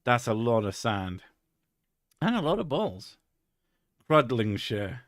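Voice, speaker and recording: A man hosts a live stream, trading crude jokes and swearing freely in loose, rambling chat. His voice sits at an ordinary pitch, recorded close and dry with no room sound. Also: big pitch swings, slow, dry recording. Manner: crude, joking, swears often. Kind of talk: casual chat.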